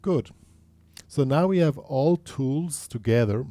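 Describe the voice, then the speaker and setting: Slow, mellow-voiced male guitar teacher. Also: medium pitch, animated. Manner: patient, explaining step by step and counting beats aloud. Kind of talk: guitar lesson.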